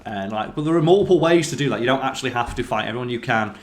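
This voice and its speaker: A man hosting a let's play, chatting excitedly over gameplay, swearing freely and quizzing his co-player. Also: mid-range voice, very fast. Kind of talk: casual gameplay commentary.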